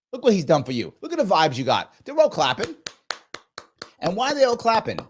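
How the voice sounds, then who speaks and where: Sarcastic, animated man. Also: a little high. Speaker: show host reacting to a clip. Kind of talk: live reaction commentary.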